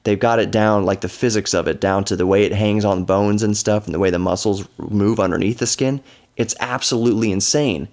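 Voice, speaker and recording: A man's voice: fairly low pitch, brisk, darkish tone. Rambling, nostalgic man hosting a podcast. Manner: rambling, nostalgic, self-correcting. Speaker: podcast host. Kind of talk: casual solo podcast talk.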